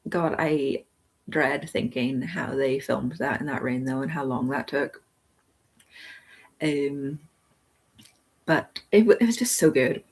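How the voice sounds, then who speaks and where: Low, husky-voiced woman chatting live. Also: slow, pauses often. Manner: rambling and chatty, thinking aloud with many ums. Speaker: host of a live book club stream. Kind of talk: casual live-stream TV review chat.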